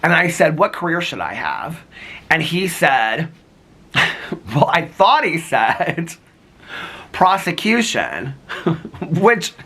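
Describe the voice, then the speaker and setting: With a sharp, slightly breathy voice, a man chats casually in a storytelling vlog. He giggles frequently and acts out what people said, pitching his voice higher for the quoted lines.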